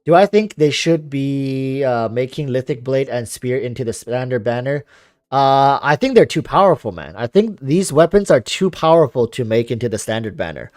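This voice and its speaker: A young man streaming a game, chatting casually with a calm, relaxing voice while he rambles through viewer comments and answers their questions. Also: mid-range voice, normal speed, no echo, clean studio sound, soft background music. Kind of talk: casual livestream chat.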